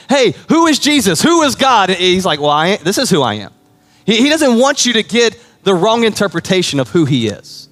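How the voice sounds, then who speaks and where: A male pastor delivers a sermon with a lively, swinging pitch. He tells stories in a loose, conversational way and keeps checking in with his listeners. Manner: conversational storytelling, checks in with the audience.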